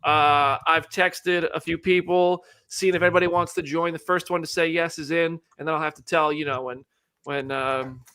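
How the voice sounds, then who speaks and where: A man hosting a live show, chatting casually and joking, rambling with quick restarts. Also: fairly high pitch, steady tone, pushed and bright, clear, resonant tone. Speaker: host.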